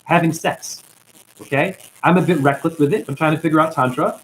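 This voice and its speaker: A man's voice: mid-range voice, a little fast, slight background noise, rough recording. A man giving an impassioned spiritual monologue as a self-styled teacher, ranting at his viewers and calling them honey. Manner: ranting, calls listeners honey.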